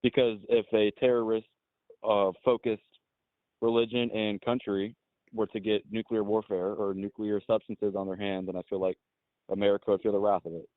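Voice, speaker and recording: A young man calling in to a debate show, answering hesitantly and haltingly. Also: fairly low pitch, level tone, dry recording. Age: young adult. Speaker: caller. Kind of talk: phone-in debate. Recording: tinny dry phone line.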